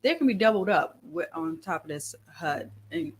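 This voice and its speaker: A woman's voice: on the low side, expressive, moderate pace, breathy edge. Earnest woman explaining home buying grants. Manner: earnest, passionate. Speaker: first-time home buyer specialist. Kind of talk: guest talk on a podcast.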